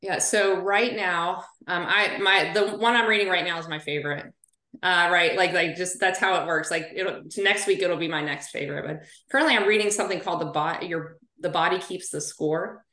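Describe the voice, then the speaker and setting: A woman in her forties, a physical therapist, telling stories as a podcast guest in a chatty, animated way. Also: lowish voice, moderate pace. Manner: chatty storyteller, animated asides. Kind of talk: casual podcast interview. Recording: roomy echo.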